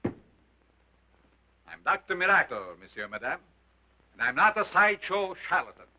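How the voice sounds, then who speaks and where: An actor playing a sinister carnival scientist with a strange foreign accent, declaiming grandly in a 1930s film. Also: male voice, high-pitched, sing-song, unhurried, heavily acted. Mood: grandiose. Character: sinister showman scientist, older man, theatrical. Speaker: carnival lecturer. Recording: dull lo-fi 1930s film sound.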